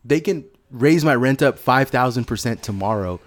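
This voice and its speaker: A man from the Bay Area chatting casually and swearing freely, telling stories with quick impressions. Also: medium pitch. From San Francisco Bay Area, USA. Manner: profane, animated storytelling with impressions. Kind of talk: casual chat.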